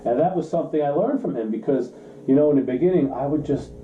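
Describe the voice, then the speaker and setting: A car shop owner co-hosting a podcast chats casually and tells stories, animatedly acting out the quotes. His voice is a little high and fast, and the recording is roomy and slightly dull, with slight background noise.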